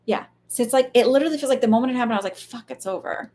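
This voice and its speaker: A woman's voice: a little high, racing, warm tone. Chatty woman giving a live psychic reading. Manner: chatty, many fillers, swears casually. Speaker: psychic medium.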